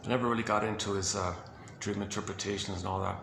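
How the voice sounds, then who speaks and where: A man with a lowish, gravelly voice muses casually, wandering from thought to thought and chuckling softly. The room rings with echo. Background noise hums behind him. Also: fairly even intonation, fast. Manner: meandering, self-correcting, chuckles softly. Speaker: host presenting quotes. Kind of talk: casual rambling talk. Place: indoor room.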